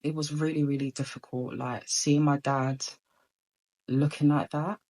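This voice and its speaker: A woman's voice: low voice, fairly even intonation, measured pace, darkish tone, low-quality recording. A woman telling a personal story in a casual storytime monologue, rambling with many ums and restarts.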